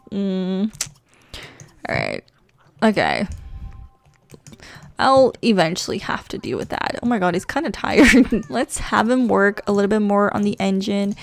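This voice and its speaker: A woman talking through her life-sim game in casual commentary, chatty and excitable as she gushes about her characters. Her voice sits in a middle pitch. The recording is dry and close, with no room sound. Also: no room sound. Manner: excitable and chatty, gushing with frequent laughs. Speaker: let's play creator.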